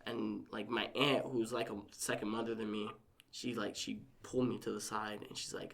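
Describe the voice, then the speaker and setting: Gravelly young man telling a story. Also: on the low side, little pitch movement, moderate pace. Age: young adult. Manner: rambling storytelling full of "like", acting out quoted family members. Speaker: podcast guest. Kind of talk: casual podcast conversation.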